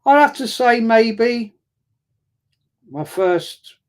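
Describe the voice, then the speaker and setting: With a very high, expressive and smooth voice, a man in his sixties chats casually on a live stream. He wanders from topic to topic, reads viewer comments aloud, repeats himself a lot and fills pauses with ums.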